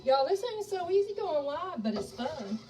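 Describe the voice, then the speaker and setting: A woman's voice: high voice, big pitch swings, normal speed, darkish tone, recorded from a distance, rough recording. Folksy Southern woman cooking live. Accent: Southern American. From Charleston, South Carolina. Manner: folksy, chatty, talks to viewers as y'all while cooking. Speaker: cooking show host. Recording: voice a bit off-mic with faint music behind.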